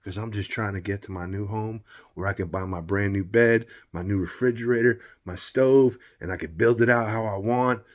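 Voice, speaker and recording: A man's voice: lowish voice, moderate pace. A middle-aged man telling a personal story in a vlog, rambling and heated, often asking "you know what I mean". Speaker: vlogger.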